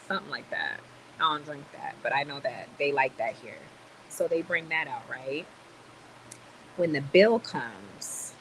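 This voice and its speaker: New woman venting on her vlog, lowish voice, blunt and fired up, faint room hum behind. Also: low-quality recording. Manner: animated, blunt, swears and apologizes for language. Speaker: vlogger. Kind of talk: casual ranting vlog. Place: home in the Dominican Republic, quiet ambience.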